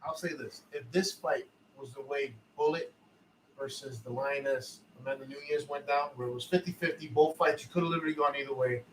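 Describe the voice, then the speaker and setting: A man's voice: mid-range voice, a little fast, fairly bright tone, a little hiss or hum. A man co-hosting a live fight reaction show, ranting heatedly with lots of profanity and repetition. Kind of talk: casual live reaction chat.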